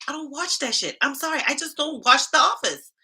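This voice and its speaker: This middle-aged woman from Charleston, a livestream host and HR coach, has a high voice and a brisk delivery. She speaks with a Southern US Black vernacular, Charleston Geechee accent, chatting casually and sassily with viewers. She's animated and talks back to chat comments.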